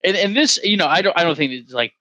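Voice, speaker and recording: A man's voice: sits high, lively intonation, quick pace, sharp tone, dry recording. A young man co-hosting a podcast, rambling and joking in casual chat on a close mic. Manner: rambling, filler-heavy, joking. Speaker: podcast co-host.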